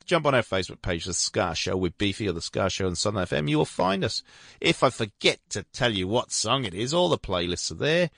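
A male radio presenter talks his listeners through the tracks in a loose, rambling, upbeat way. His voice has a gravelly edge, and it is recorded close and dry in a radio studio. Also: lowish voice, very animated, a little fast, fairly bright tone, no echo. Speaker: radio host.

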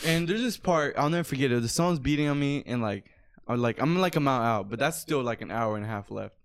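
A man in his twenties telling a story in casual chat, animated, swearing a lot and saying "bro" often. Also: medium pitch, quick pace, clear, resonant tone. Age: 20s.

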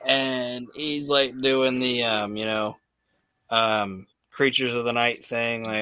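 A man's voice: medium pitch, unhurried, a bit bright. A man hosting a podcast, recapping in a rambling, casual way full of restarts. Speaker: podcast host.

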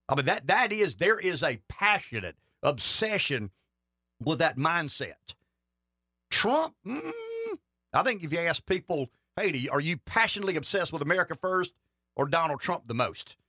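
Guy on a politics talk show, swings his pitch all over, rambles and leans on words. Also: pushed and bright, no echo, clean studio sound. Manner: folksy, emphatic, rambling asides.

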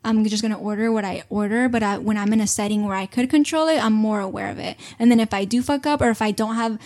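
A woman's voice: mid-range voice, fairly even intonation, fast talker, darkish tone. A young woman hosting a podcast, chatting casually and animatedly with lots of fillers and swearing. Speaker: podcast host. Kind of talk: casual chat.

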